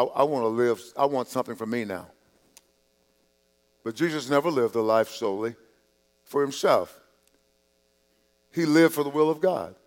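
A man preaching a sermon from the pulpit, his voice sitting in a middle pitch. He talks to the congregation conversationally, repeating words and restarting phrases. He drops to soft asides, then lifts his voice on the points he stresses. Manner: drops to quiet asides, rises on emphasis. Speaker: pastor.

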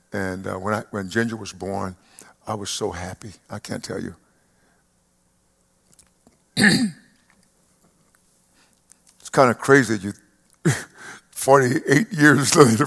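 A man in his seventies, a pastor preaching a sermon to a congregation, who moves between loud emphatic peaks and soft reflective asides. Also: lowish voice, vocal fry. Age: 70s. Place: church service before a live congregation.

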